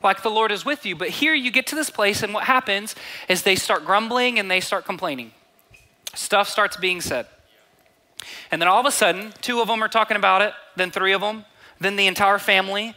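A man's voice: high-pitched, a little fast, pushed and bright. A young man preaching a sermon, reading scripture aloud and acting out quoted voices, repeating phrases for emphasis. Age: 20s to 30s. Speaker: pastor.

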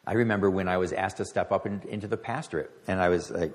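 A man's voice: sits low, quick pace. A middle-aged man preaching a sermon as pastor, talking conversationally and stumbling over words at times. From United States.

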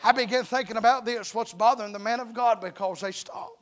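High-voiced fervent male preacher. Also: fairly even intonation, brisk. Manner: fervent, repeatedly calls for amens; plain-spoken, calls himself uneducated. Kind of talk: fervent revival sermon.

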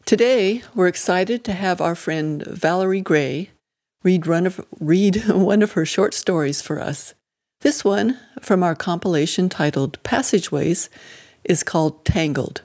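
A woman's voice: fairly low pitch, unhurried, a little mellow. A woman co-hosting a story podcast, introducing a guest reader in an upbeat way. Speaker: podcast co-host. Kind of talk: show introduction.

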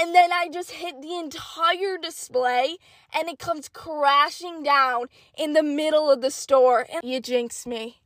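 An eighteen-year-old woman telling a story in a casual, animated way, acting out her thoughts in hushed asides. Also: sits high, moderate pace, no room sound. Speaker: vlogger.

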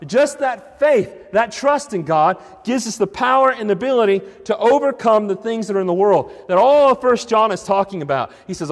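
High-voiced preacher in a reverberant hall. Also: male voice, lively intonation, normal speed, hardly any pauses. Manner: questioning, emphatic, with many restarts. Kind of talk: sermon.

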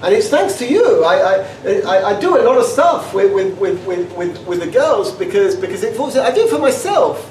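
Man with a high voice, animated and stammering speaker telling funny stories to students, recorded from afar in a reverberant room with noise behind. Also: normal speed, hardly any pauses. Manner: animated, stammering repetitions, laughs often. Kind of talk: informal talk with humorous anecdotes. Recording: echoey room, distant mic, background noise.

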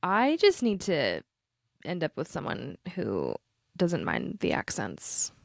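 A young adult woman co-hosting a podcast, telling a rambling story in casual chat, stopping and restarting herself with quick laughs. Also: low voice, wildly swooping pitch, vocal fry, dry recording, clean studio sound. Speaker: podcast co-host.

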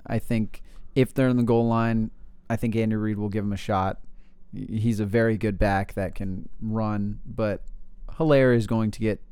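A man's voice: on the low side, steady tone, moderate pace, warm tone, clean tone, no echo. A man in casual fantasy football chat, blunt and opinionated, stammering on restarts. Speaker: podcast co-host.

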